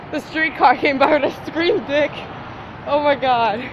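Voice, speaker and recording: Teen girl vlogger, high-pitched and foul-mouthed, rambling and self-mocking on a street over loud traffic. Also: expressive, slow. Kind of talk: casual rambling vlog. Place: outdoors on a city street. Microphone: handheld phone or tablet.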